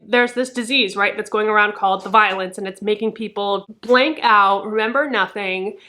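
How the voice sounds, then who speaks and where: A woman's voice: medium pitch, moderate pace, pushed and bright. A young woman vlogging casual book reviews, chatty and swearing freely, her talk full of "like".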